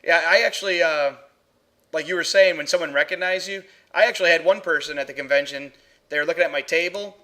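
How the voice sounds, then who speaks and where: A man's voice: a little high, quick pace, pushed and bright. A talkative man hosting a casual chat, laughing easily. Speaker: podcast host.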